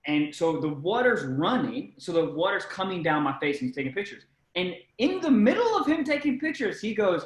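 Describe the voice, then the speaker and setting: A man's voice: high-pitched, very animated, brisk, few pauses, reverberant, poor audio. A young man, a comedian guest, telling a story in casual chat, swearing freely and acting out the voices in it.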